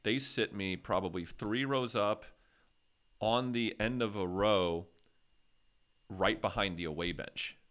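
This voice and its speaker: Low-voiced American man telling rambling stories. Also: slow, long pauses, a bit bright. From USA. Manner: rambling storyteller, jokey. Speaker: podcast host. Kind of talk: casual chat.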